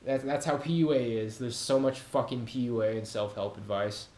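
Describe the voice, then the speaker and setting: A man's voice: medium pitch, normal speed, dark tone, echoey room. A man hosting his own channel, talking casually and rambling, swearing often and laughing at his own jokes. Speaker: YouTube channel host. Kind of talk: casual monologue to camera. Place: home room with cats.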